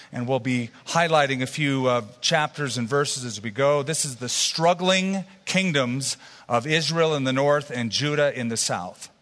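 A man's voice: mid-range voice, fairly bright tone. A man teaching a sermon in a conversational way, with asides to his congregation. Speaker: pastor. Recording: long hall reverb.

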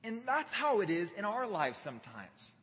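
A man's voice: high voice, wildly swooping pitch, normal speed, a bit bright, long reverb tail. A man preaching a sermon as a pastor, playful and conversational, with casual fillers.

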